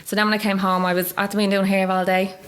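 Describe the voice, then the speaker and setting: A woman's voice: mid-range voice, little pitch movement, very fast, fairly bright tone. A woman in her thirties with a Dublin Irish accent, telling her story in a chatty interview, full of "like" and quoted dialogue. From Ireland. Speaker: guest.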